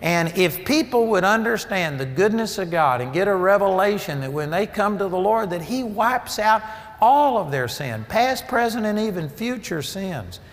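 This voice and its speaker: A man's voice: sits high, animated, normal speed. A man preaching a sermon, emphatic and storytelling, his voice rising for key points. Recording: long reverb of a large hall.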